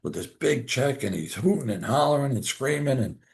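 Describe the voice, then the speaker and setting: A man's voice: mid-range voice, moderate pace, creaky. A man, a podcast guest telling a story and acting out the dialogue in it. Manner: animated, acts out quoted dialogue. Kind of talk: casual storytelling.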